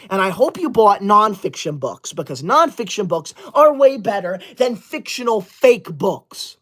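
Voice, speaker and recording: A man voicing a prissy, self-righteous schoolboy livestreamer and teacher's pet, scolding and banning his viewers with quick outrage in a comedy sketch. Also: sits high, fairly bright tone, full character voice. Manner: indignant, scolding, easily outraged.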